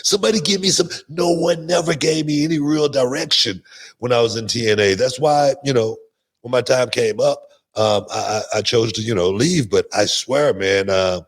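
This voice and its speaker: A man guesting on a talk show, telling animated stories and often repeating words as he goes. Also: medium pitch, moderate pace. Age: older. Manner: animated, repeats words, laughs mid-sentence. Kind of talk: casual interview storytelling.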